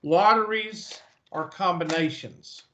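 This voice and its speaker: A man's voice: sits high, slow, fairly bright tone, a little hiss or hum. Southern man teaching a math class. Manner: folksy, chatty, thinking aloud. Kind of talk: online class lecture. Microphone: video call. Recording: muffled video call audio.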